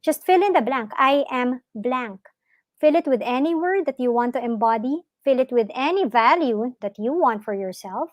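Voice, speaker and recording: A woman with a fairly high voice leads a live online talk for parents on mindfulness and yoga. She speaks in a gentle, encouraging way and often asks her listeners questions. Her voice is recorded close and dry, with no room sound. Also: animated, normal speed, no room sound.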